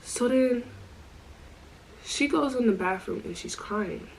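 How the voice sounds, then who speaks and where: A woman telling a storytime vlog in a casual, animated way, full of slang and asides. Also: a little high, slow, vocal fry, a little hiss or hum, rough recording. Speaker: storytime vlogger.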